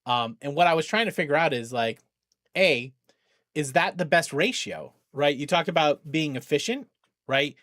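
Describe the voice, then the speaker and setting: A middle-aged man hosting a charity game stream, talking casually, thinking aloud with many restarts and greeting viewers with bursts of excitement. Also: on the high side, moderate pace, no room sound, clean studio sound. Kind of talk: casual livestream chat.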